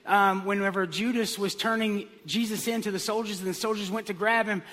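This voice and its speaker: Preaching in a high, brisk voice, a male pastor brings his sermon to life with animated stories and comic character voices. The recording carries long hall reverb.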